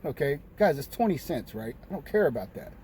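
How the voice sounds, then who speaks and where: A man vents to the camera in a loose, rambling monologue, repeating himself as his exasperation builds. His voice sits a little high but sounds mellow and soft-edged. Faint traffic from passing buses drifts in through the windows. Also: sing-song, a little fast. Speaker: vlogger. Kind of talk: casual venting monologue. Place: room with windows open near a street. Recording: faint street noise.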